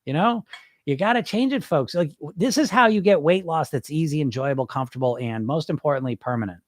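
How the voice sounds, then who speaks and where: A man with a fairly high voice hosts a live podcast, animated and a little fast as he reads stream chat comments. He talks to his listeners bluntly and emphatically, repeating points for emphasis.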